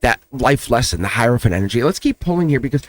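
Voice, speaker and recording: A man's voice: mid-range voice, lively intonation, fast talker, no room sound. A man hosting a tarot channel, giving an earnest, emotional spiritual pep talk straight to his viewers, near tears and repeating himself. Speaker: tarot reader, channel host.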